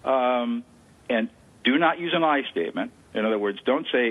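A man's voice: mid-range voice, animated, normal speed. A man speaking as an interview guest, explaining a listening technique with enthusiasm and repeating words for emphasis. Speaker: guest expert on conflict de-escalation. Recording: tinny phone line.

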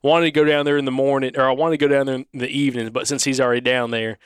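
A man's voice: mid-range voice, little pitch movement, racing, clear, resonant tone, no room sound, studio quality. A man, co-hosting a podcast and telling a hunting story in a rambling, casual way, acting out the dialogue. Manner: rambling, restarts, acts out quoted dialogue. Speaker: podcast co-host.

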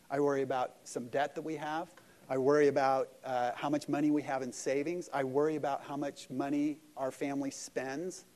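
A man's voice: medium pitch, a little mellow. A man preaching a sermon at a church service, earnest and conversational, with self-deprecating asides. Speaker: pastor.

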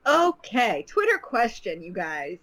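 A woman's voice: mid-range voice, huge pitch swings, takes it slowly, a crowd in the background. Playful woman co-hosting a podcast. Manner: playful, teasing. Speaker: podcast co-host. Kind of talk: casual chat.

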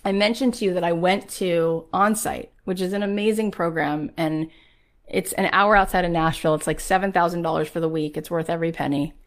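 A woman's voice: on the low side, steady tone, fairly quick. Earnest woman in her forties telling stories. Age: 40s. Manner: earnest and emotional, with many fillers like "right?" and "like". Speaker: podcast host and business coach. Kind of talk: personal storytelling to listeners.

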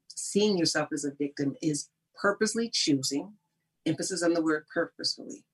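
A woman's voice: low voice, husky. A woman guest giving emphatic, preachy motivational talk in conversation, often laughing. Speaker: guest speaker on personal growth.

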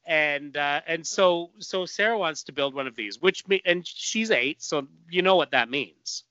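Bright, crisp-voiced man telling a rambling story. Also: on the high side, a little slow, no room sound, lo-fi sound. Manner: rambling storyteller with many fillers and restarts. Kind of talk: casual chat.

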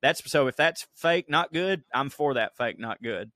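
Bright-voiced Southern man from Georgia. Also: mid-range voice, lively intonation, unhurried, dry recording, studio quality. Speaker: podcast co-host. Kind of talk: casual chat.

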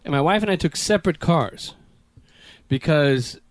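Animated, lively-voiced man telling stories. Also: fairly high pitch, moderate pace, dry recording. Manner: animated storyteller, laughing, acts out voices and yells. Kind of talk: casual chat.

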